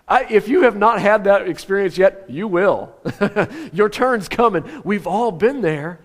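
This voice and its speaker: High-voiced man preaching a conversational sermon. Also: a little slow. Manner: conversational, rhetorical questions, swings from animated to hushed. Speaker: pastor.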